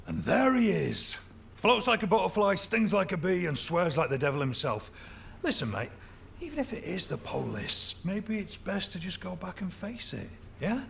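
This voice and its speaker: A fatherly rig worker in a video game, full of jokes. The voice has a heavy gravelly grain and swings widely up and down in pitch. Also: very animated, normal speed, a bit bright, slight background noise, exaggerated voice. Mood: teasing. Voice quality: gravelly, jokey. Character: cheery older male rig worker, fatherly joker.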